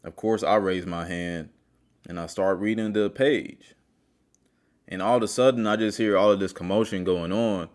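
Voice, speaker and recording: Deep-voiced man giving a motivational talk. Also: steady tone, moderate pace, a little mellow. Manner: earnest, storytelling, addresses viewer directly. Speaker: self-help video host. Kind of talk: motivational monologue.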